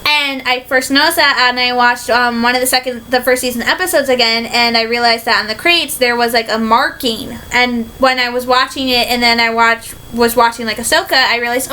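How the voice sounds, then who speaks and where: A woman from Michigan giving a rambling, excitable fan reaction in a casual vlog, full of fillers. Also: on the high side, a little fast, hardly any pauses, rough recording. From Michigan, USA. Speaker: vlogger reacting to a trailer.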